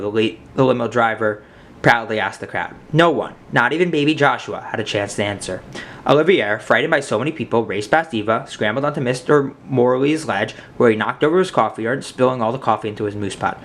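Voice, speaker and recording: A man reading a picture book aloud as narrator, with animated, expressive storytelling. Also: medium pitch, a little fast, slight background noise.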